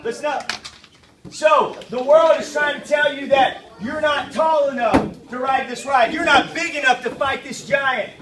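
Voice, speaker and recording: Kids in a church meeting room respond loudly as a high-pitched, unhurried children's minister energetically leads them through a Bible lesson, prompting them to repeat lines and join in. The recording is echoey, with the voice far off amid heavy crowd noise.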